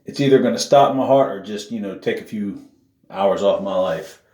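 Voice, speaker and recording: A man's voice: on the low side, moderate pace, far from the mic, noisy background. A man, talking casually to camera in a profane, joking vlog, whooping as he goes. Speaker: vlogger. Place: outdoor shower. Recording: echoey, from off the mic, with running water.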